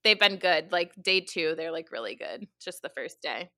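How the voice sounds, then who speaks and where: A young woman in her twenties telling a funny story in casual chat, animated and full of fillers and laughs. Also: lowish voice, normal speed, no echo, clean studio sound. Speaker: podcast co-host.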